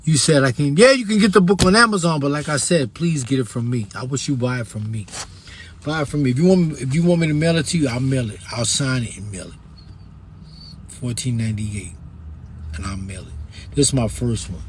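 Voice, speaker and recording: A man's voice: mid-range voice, a little fast, slight background noise. A man from New York with a New York accent, an author chatting casually on a livestream about his books and reading a passage aloud, blunt and profane, with sudden emphatic bursts.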